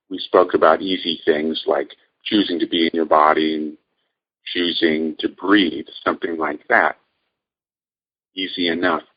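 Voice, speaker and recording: Calm male meditation teacher, deep and slow, gently instructive, on a muffled lo-fi recording. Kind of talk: guided meditation lecture.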